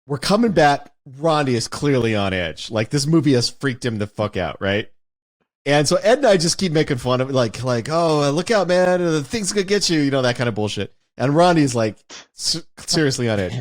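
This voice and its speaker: A man's voice: medium pitch, expressive, normal speed. A man hosting a podcast, telling a childhood anecdote in a wry, casual way with some swearing. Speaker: podcast host. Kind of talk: casual storytelling.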